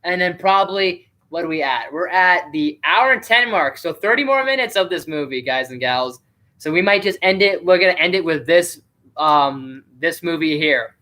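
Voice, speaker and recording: Bright-voiced man rambling on a live stream. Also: on the high side, lively intonation, normal speed. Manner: rambling and chatty, with many fillers. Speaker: live streamer and movie reviewer. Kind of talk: casual live-stream commentary.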